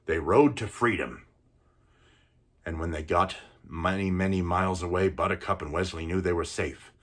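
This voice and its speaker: A man voicing an older grandfather who reads a storybook aloud in a soft voice, in a one-man film recital. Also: low voice, normal speed.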